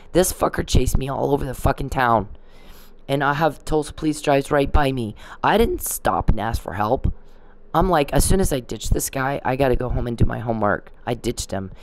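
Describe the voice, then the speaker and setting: A woman vlogging in a rambling, indignant to-camera rant, swearing freely. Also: a bass voice.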